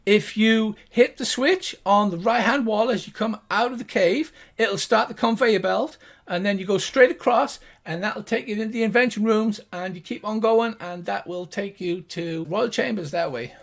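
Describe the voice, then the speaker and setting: A man voicing a small, excitable male gnome guard who chatters in a high, stammering voice. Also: moderate pace, vocal fry, few pauses. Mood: cheerful.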